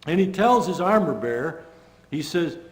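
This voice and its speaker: Animated man preaching in a reverberant church. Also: on the high side, moderate pace. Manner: animated storytelling, voicing characters, conversational asides. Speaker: pastor. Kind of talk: sermon. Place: church sanctuary. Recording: long church-hall reverb.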